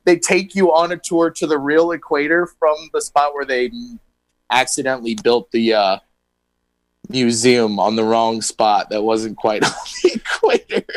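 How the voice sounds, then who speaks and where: A man's voice: medium pitch, fairly even intonation, a little slow, low-quality recording. A man co-hosting a radio show, presenting a history segment in a loose, laughing, joking way. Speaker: radio co-host. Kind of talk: casual radio banter.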